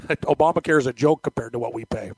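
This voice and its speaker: A man from Canada co-hosting a casual podcast, animated and laughing often. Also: mid-range voice, fast, breathy edge, no echo.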